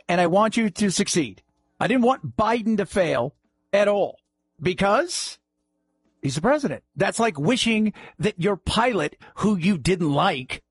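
A male talk radio host mocks and jokes in a sarcastic monologue. His voice sits high and swings widely in pitch, and he takes his time. The studio sound is dry, with faint music underneath. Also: husky, dry recording. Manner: sarcastic, mocking, animated.

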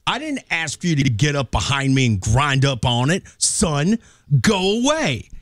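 A man's voice: mid-range voice, fairly quick, dry recording. A man co-hosting a radio morning show, joking and ranting in casual on-air banter from the studio. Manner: animated, jokey ranting. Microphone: studio microphone.

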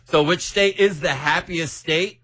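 A male morning radio host reads the day's stories with playful energy and quick asides. His voice sits a little high for a man. The studio sound is dry and close. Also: a bit bright, no room sound.

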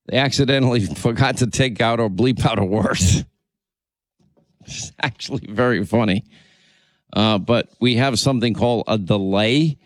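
A man's voice: mid-range voice, no room sound. A man hosting a talk radio show, indignant and repeating phrases for emphasis.

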